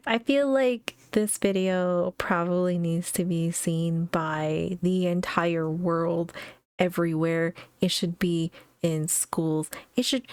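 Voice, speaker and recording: A woman's voice: lowish voice, dry recording. A young woman giving a casual reaction commentary, talking loosely with lots of fillers, gasps and little laughs. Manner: chatty, many fillers, frequent laughs and gasps. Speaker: reaction streamer.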